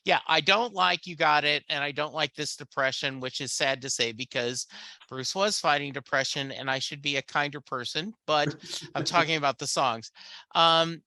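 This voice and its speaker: A man's voice: fairly high pitch, fairly even intonation, moderate pace, pushed and bright, no room sound. A man hosting a casual podcast chat, rambling with many fillers and restarts. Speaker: podcast host.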